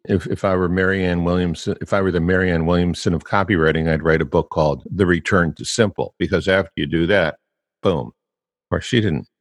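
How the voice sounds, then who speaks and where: A man's voice: deep voice, gravelly, husky, big-room sound. An older man hosting a casual podcast about copywriting, musing and teasing with emphatic turns. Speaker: podcast host.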